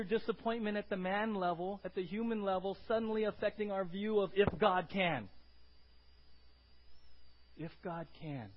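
A man preaching a sermon as pastor, moving from quiet, conversational talk to loud, shouted exclamations. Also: high voice, normal speed, dull audio.

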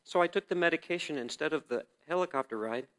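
This church speaker's testimony moves fast, his slightly high voice shifting from quiet, reflective moments to loud, emphatic outbursts. He tells his story to the congregation by performing its quoted dialogue.

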